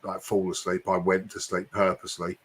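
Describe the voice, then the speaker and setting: A man with an accent that mixes Essex and London, hosting a late-night live stream in a chatty way and speeding up when he gets excited. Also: low voice, brisk, a little hiss or hum. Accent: mix of Essex and London English. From Hertfordshire, England. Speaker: livestream host.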